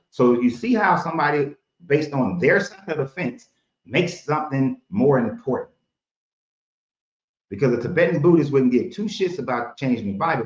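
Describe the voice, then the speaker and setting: A man with a mid-pitched voice hosts a show and argues bluntly in a heated debate, often sarcastic. The sound is roomy and a little dull. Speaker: host.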